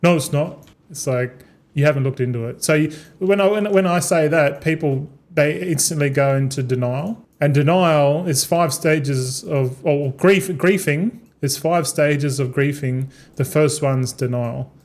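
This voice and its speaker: A man's voice: a little high, unhurried, a little mellow. A young man streaming a game, rambling casually with many restarts and swearing as he talks. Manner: repetitive, stumbling, swears freely. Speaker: gaming streamer.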